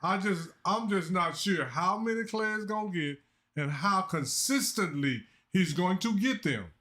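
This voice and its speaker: A man co-hosting a casual sports talk show, arguing in a skeptical, measured, drawling way. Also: sits high, bright, forceful tone. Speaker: co-host.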